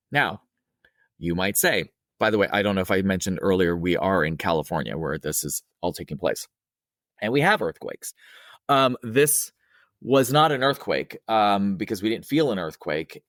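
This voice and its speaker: A man's voice: fairly low pitch, no echo, studio quality. Rambling middle-aged man telling a story. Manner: rambling and conversational, with many fillers and restarts; acts out quoted dialogue in a raised, excited voice. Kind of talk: casual spoken ghost story.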